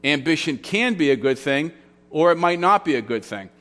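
A man delivers a sermon with a somewhat high voice, in a plain conversational teaching tone. He walks through grammar points, often repeating key phrases for emphasis. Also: expressive, moderate pace, a bit bright. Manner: conversational storytelling with restarts. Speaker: pastor. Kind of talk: expository sermon.

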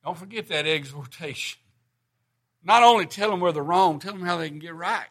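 Man, middle-aged preacher, folksy sermon, emphatic, high pitched. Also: moderate pace, fairly bright tone. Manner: folksy, rising to emphatic bursts.

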